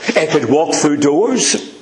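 A man's voice: a little high, big pitch swings, takes it slowly, a little mellow, reverberant, a little hiss or hum. A man with a Northern Irish accent preaching a sermon, earnest and emphatic, speaking directly to his listeners. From Northern Ireland. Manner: earnest, emphatic preaching, addressing "dear friends".

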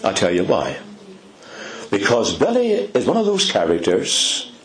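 Older male preacher, slow deliberate delivery, very animated pitch, storytelling pulpit style. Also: low-quality recording. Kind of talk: sermon.

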